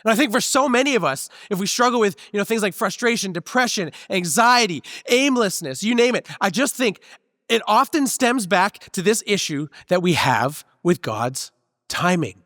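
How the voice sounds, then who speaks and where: A man preaching a sermon as a pastor, in a conversational, relaxed way with personal stories. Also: high voice, moderate pace, dry recording, studio quality, in a large hall. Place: church sanctuary.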